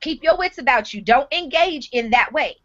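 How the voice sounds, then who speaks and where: A woman hosts a live online talk show in a high, bright register. She gives blunt, frank advice and swears casually. The stream audio is dull and lo-fi. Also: lively intonation, normal speed.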